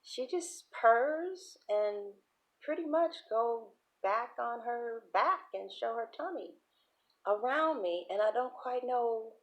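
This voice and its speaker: Chatty tarot reader, female, lively swooping delivery, salty language. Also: on the high side, slow pace, dull audio. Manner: chatty, animated, profane storytelling. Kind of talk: casual livestream reading.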